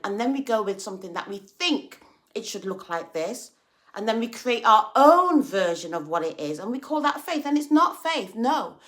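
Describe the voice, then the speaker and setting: Lively chatty woman. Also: mid-range voice. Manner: animated, chatty, acts out quoted voices. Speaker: vlogger sharing faith reflections. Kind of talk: casual livestream talk.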